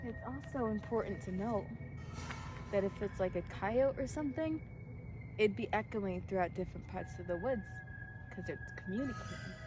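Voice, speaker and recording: A young woman hosting a casual ghost-hunting vlog outdoors by train tracks, joking and crude, loudly calling into the dark. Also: mid-range voice, moderate pace, over music. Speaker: host.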